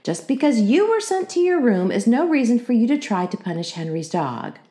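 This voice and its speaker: A woman voicing a cheerful, patient mother with a brisk manner. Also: fairly high pitch, big pitch swings, dark tone, voice pushed up.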